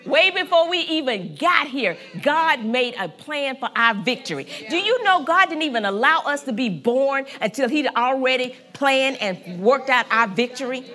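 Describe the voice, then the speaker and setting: A woman's voice: high-pitched, lively intonation, normal speed, hardly any pauses, pushed and bright. A woman pastor preaching a sermon with fervent, emphatic delivery, repeating phrases and calling on the congregation to respond.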